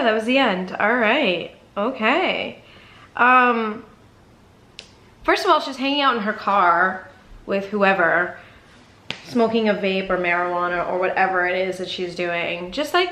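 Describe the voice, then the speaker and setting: A woman's voice: medium pitch, unhurried, pushed and bright. A woman hosting a casual reaction vlog, talking bluntly with sarcastic asides. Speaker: YouTube reaction host. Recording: echoey room.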